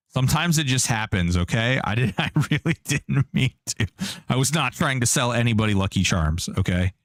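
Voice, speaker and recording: A man's voice: medium pitch, expressive, moderate pace, fairly bright tone, dry recording. A man live-streaming a game, talking casually and joking back at his viewers. His voice sits in an ordinary middle range for a man. The sound is dry and close to the mic. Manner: chatty, jokey, reads and answers chat.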